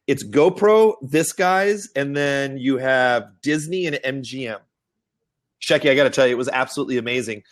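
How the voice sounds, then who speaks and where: A man hosting a marketing webinar, telling stories in a lively, animated way and acting out the people he quotes. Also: normal speed. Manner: animated storyteller, acts out quotes in high excited voices. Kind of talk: casual webinar talk. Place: Austin.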